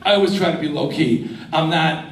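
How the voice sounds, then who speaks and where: A man in his sixties telling stories on stage as a guest, animated and swearing freely, laughing as he talks. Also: a little high, brisk. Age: 60s. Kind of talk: profane live storytelling. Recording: echoey, distant live-room sound with faint noise.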